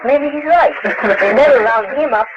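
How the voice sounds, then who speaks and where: A man telling stories at a lecture Q&A, halting with many restarts and fillers, laughing often. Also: extremely high pitch. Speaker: interviewed author. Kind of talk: lecture Q&A, casual storytelling. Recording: dull lo-fi 1960s tape with hiss.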